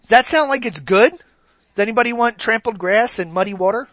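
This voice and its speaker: High bright-voiced male preacher. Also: brisk, no room sound. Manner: conversational, asks the congregation questions. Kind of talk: sermon.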